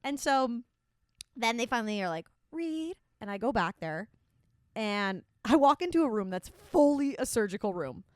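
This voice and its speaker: A woman co-hosting a podcast in casual chat, telling an animated story and acting out the dialogue. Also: a little high, moderate pace, no room sound, clean studio sound. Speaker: podcast co-host.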